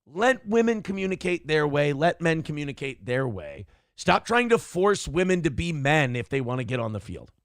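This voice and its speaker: A man's voice: fairly high pitch, big pitch swings, normal speed, hardly any pauses, fairly bright tone, dry recording, clean studio sound. A man hosting a livestream morning commentary show, blunt and profane, rambling through opinions and reading chat comments aloud.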